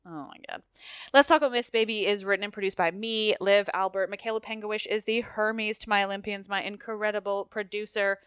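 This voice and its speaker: Smooth-voiced woman podcast host. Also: medium pitch, steady tone, brisk, a bit bright, dry recording, studio quality. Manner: candid, swearing, emotional. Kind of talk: casual podcast chat and outro.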